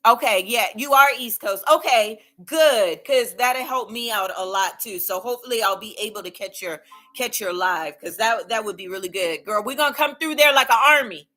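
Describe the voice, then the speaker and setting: Woman, livestream host, casual chat, encouraging, laughs often, slightly high pitch, bright voice. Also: moderate pace.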